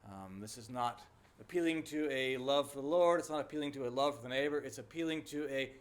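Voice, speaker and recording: A man preaching a conversational sermon as pastor, full of fillers and restarts, climbing high when he voices the Lord's complaints. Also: a little fast.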